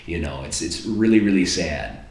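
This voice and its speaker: A man with a deep, low voice delivers an indignant rant straight to camera. He stumbles over himself, repeating and restarting words as he presses his point. The sound is echoey, bouncing around a room. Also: lively intonation, moderate pace, darkish tone. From United States. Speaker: vlogger. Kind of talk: heated political rant to camera.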